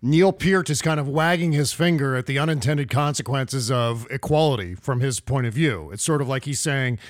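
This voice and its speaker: A man hosting a podcast, speaking with a measured, announcer-like delivery. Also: mid-range voice, no echo, studio quality. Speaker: podcast host. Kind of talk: casual podcast talk and lyric reading.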